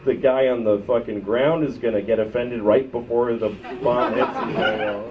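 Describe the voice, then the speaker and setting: A man in his thirties doing live stand-up, profane and ranting, swinging from loud outbursts to low muttered asides. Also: steady tone, moderate pace. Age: 30s. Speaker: stand-up comedian. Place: comedy club stage. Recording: muffled bootleg recording from a distance with loud crowd noise. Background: audience laughter.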